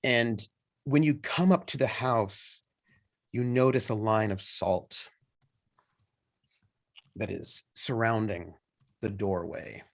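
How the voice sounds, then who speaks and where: A man narrating scenes as game master of a tabletop role-playing game, unhurried and descriptive. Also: fairly low pitch, vocal fry.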